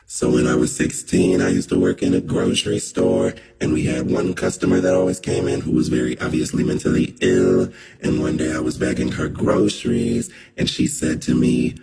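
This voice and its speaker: A man telling a story in a blunt, deadpan way. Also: rumbling low, moderate pace, creaky, reverberant. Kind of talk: casual storytelling.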